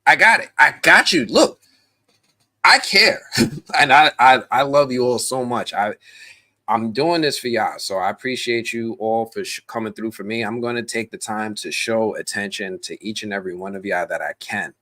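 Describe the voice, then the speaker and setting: An American man with a lowish voice hosts a live stream at a moderate pace. He chats casually and animatedly, speaking straight to the viewers in his chat and restarting his sentences often.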